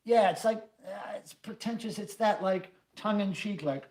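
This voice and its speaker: A man's voice: sits high, moderate pace, crowd noise. A middle-aged man hosting a casual livestream chat, reading viewer comments and rambling with many fillers and the odd swear. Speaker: livestream host.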